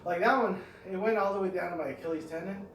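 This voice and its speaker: A man's voice: high-pitched, fast talker, slight background noise. A middle-aged man vlogging his home workout, rambling and thinking aloud as he goes. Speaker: fitness vlogger. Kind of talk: talking through a home workout. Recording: echoey room, mic at a distance.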